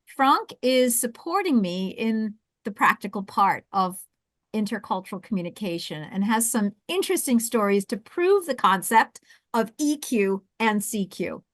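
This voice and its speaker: A woman with a South Jersey accent hosting a webinar, coaching with lively restarts and repeated words. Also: medium pitch, no room sound. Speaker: webinar host and intercultural coach.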